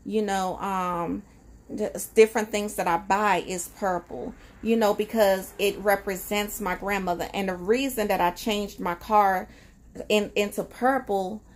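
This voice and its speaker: A woman's voice: mid-range voice, fairly even intonation, unhurried. A woman talking in a casual, reflective personal vlog, conversational and emotional, with frequent fillers. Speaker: vlogger.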